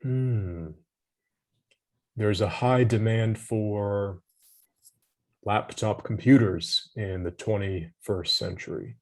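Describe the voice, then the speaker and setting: A man's voice: on the low side, slow, long pauses. A man tutoring English vocabulary over a video call, patient and encouraging, giving hints and praise. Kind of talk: online vocabulary lesson.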